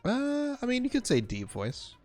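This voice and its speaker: A man's voice: very high voice, huge pitch swings, normal speed, darkish tone, faint music behind. A man streaming a game live, reading the game's text aloud and chatting casually between lines with lots of fillers. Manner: casual, rambling, many fillers.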